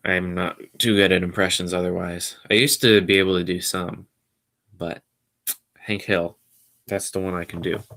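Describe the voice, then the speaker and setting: A man hosting his own podcast stream, rambling along casually in a low-key, somewhat mumbly way. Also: level tone, normal speed, a bit bright. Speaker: podcast host. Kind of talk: casual solo livestream chat.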